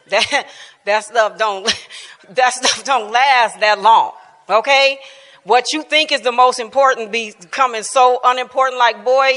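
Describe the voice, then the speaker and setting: A woman in her fifties sharing a personal testimony at a Bible class, telling it in an animated way, laughing often and dropping to quiet tones. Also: a little high, long reverb tail. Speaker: church speaker sharing testimony. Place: church hall.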